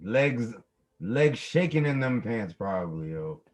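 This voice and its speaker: A man's voice: medium pitch, big pitch swings, takes it slowly, poor audio. A young man co-hosting a podcast in casual chat, rambling with many restarts. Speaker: podcast co-host.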